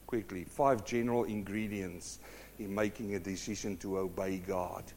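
A middle-aged man preaching a sermon, telling stories with lively acted-out voices. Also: sits low, normal speed, a little hiss or hum. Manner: animated storytelling, acts out quoted voices.

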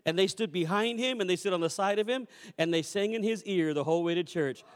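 A man preaching a sermon as a pastor, telling a story with animated, acted-out quotes and repeated refrains. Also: high-pitched, fast, long reverb tail. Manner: animated storyteller who acts out quoted voices. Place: church sanctuary.

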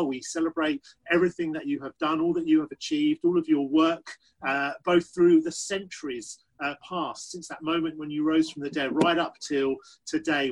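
Earnest man praying, husky. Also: fairly high pitch, rough recording. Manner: earnest, halting with frequent uhs. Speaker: prayer leader. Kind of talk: spoken prayer.

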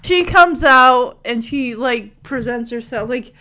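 Woman, high-pitched, casual and giggly episode recapper who acts out the dialogue. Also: bright, forceful tone. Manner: chatty, giggly, acts out quotes in quick voices.

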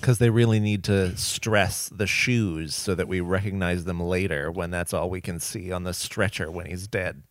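A man's voice: low voice, steady tone, normal speed, few pauses, no room sound. A man co-hosting a casual movie review podcast, laughing a lot and cracking dry jokes. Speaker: podcast co-host.

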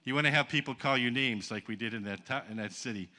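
A man's voice: medium pitch, fast talker, sharp tone. An older man preaching in a church auditorium, telling a story animatedly, acting out the quotes and laughing at his own tales. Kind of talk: storytelling sermon.

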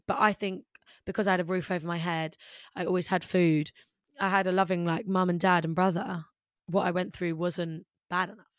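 A young British musician guest speaks briskly in a fairly low, level tone, rambling openly about her life and saying "like" frequently. The conversation is candid and personal, captured in clean studio sound with no room sound.

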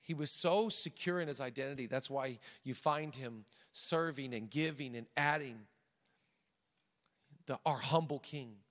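Bright-voiced, joking male pastor. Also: medium pitch, a little slow, long reverb tail. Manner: conversational, humorous, animated. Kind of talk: sermon.

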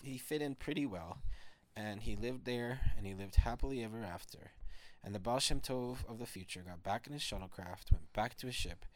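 A man making up a bedtime story at home, speaking gently and often dropping to a murmur. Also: fairly low pitch. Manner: gentle, drifting into quiet murmurs. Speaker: parent telling a bedtime story.

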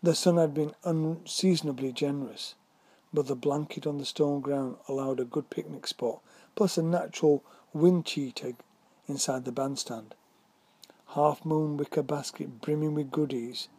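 A man narrating a whimsical story in a measured reading voice. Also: on the high side, steady tone, darkish tone, breathy edge, no room sound.

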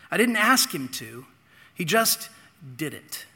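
A middle-aged man telling a childhood story in a sermon, earnest, with dramatic pauses and repeated phrases. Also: high-pitched, very animated, creaky, sharp tone, breathy edge. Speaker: pastor. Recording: long hall reverb.

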